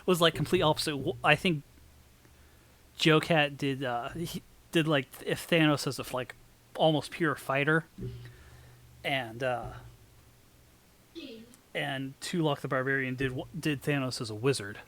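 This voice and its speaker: Halting co-host with lots of fillers. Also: medium pitch, fairly bright tone. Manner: halting, many fillers and restarts. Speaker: podcast co-host. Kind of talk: casual chat.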